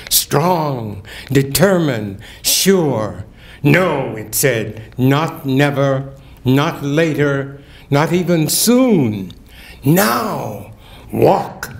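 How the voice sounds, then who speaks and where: Older male keynote speaker, unhurried, declamatory poetry reader with ringing emphasis. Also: a little high, darkish tone. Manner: slow, declamatory, rising to ringing emphasis on key words. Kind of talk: dramatic poetry reading and lecture. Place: event hall at a community breakfast.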